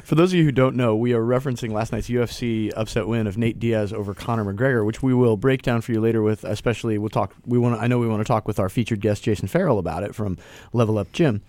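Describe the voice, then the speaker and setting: A man with a lowish voice, somewhat mellow and with no echo, talks fast while hosting a casual local radio show. He rambles loosely, restarts his sentences, and laughs easily.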